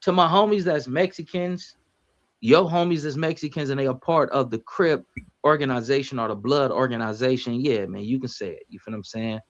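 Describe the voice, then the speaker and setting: A man's voice: medium pitch, dull audio. Man hosting a casual live-stream. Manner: measured, lecturing, self-correcting. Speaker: livestream music reviewer host.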